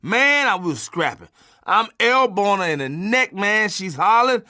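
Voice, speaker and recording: Male comic storyteller with a slightly high, lively voice; profane, loud bursts and low asides. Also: normal speed, no echo, studio quality. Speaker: comedian telling his own story.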